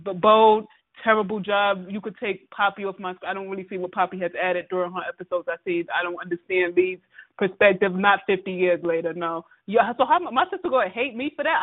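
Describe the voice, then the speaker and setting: A woman's voice: medium pitch, a little fast, dry recording. A woman co-hosting a casual soap opera recap, blunt and sassy in her opinions. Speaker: podcast co-host. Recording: tinny phone-like line, dry.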